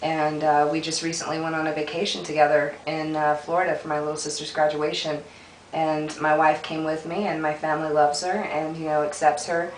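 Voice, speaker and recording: Casting note: young woman, very low voice, tearful and halting, laughs often, distant mic in an echoey room with faint noise. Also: level tone. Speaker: interview guest, dancer. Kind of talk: emotional interview answers.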